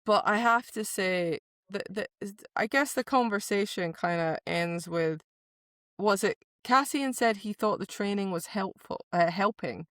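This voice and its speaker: A woman's voice: medium pitch, unhurried, no echo. Woman, podcast co-host, casual book chat, acts out quotes, swears, dry recording. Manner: animated, acts out characters' lines, swears casually.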